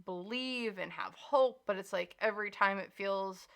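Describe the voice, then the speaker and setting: A woman's voice: mid-range voice, a little slow, gravelly, a bit bright, smooth. A woman giving a chatty, reassuring tarot reading, full of "like" and earnest encouragement. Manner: chatty, emphatic, reassuring, many filler likes. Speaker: tarot reader. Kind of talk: casual spoken tarot reading.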